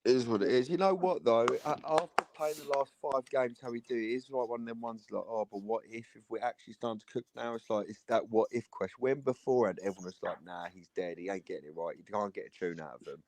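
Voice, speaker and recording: A man's voice: mid-range voice, fast, few pauses, a little mellow, a little hiss or hum. A man on a football panel, telling a rambling story in casual chat and swearing often. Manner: swears a lot, rambling retelling.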